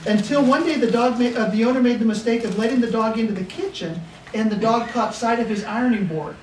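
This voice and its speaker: A man's voice: extremely high pitch, fast. A middle-aged man and pastor telling homespun stories at a seminar, often chuckling as he goes. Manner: folksy, chuckling storyteller. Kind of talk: storytelling seminar talk. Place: seminar room. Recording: echoey room from a distance, noisy.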